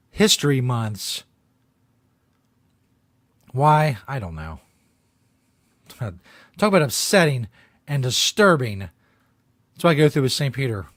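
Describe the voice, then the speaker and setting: A man hosting a comedic show, ranting about a video in profane, deadpan mock outrage. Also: mid-range voice, no room sound, studio quality. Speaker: host.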